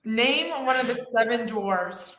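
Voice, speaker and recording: Woman firing off quick quiz questions. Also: a little high, expressive, a bit bright, echoey room, a little hiss or hum. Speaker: co-host running a quiz round. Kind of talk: casual quick-fire questions.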